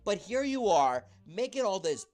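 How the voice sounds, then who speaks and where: A man's voice: high voice, big pitch swings, moderate pace, a little mellow. A man ranting into a camera at home, rambling with lots of fillers and swearing. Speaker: YouTuber in a clip. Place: indoors at home, talking to a camera.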